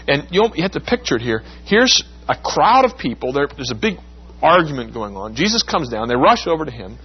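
Man, preacher, husky voice, dull lo-fi sound, sermon with lively retellings. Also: mid-range voice. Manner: explains with homely examples, acts out quoted lines. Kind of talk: sermon with Bible exposition.

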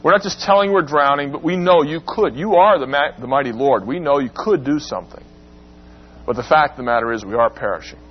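A man teaching a Bible class, asking the class questions and acting out the quoted lines in a dramatic voice. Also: a little fast. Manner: questions the class and acts out quotes with rising pitch. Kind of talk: interactive Bible class lecture. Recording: dull lo-fi recording with faint hum.

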